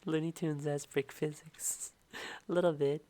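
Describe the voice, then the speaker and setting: A young woman streamer talking softly in a murmuring ASMR voice as she plays a game. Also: low-pitched, fairly even intonation. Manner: slow, murmuring and drawn-out, with sudden delighted exclamations.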